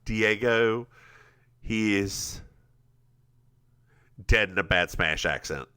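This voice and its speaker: A man's voice: on the low side, slow pace, smooth. A man co-hosting a podcast, recapping an episode in casual chat and acting out characters' lines. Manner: animated storyteller, acts out lines with shifting voices. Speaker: podcast co-host.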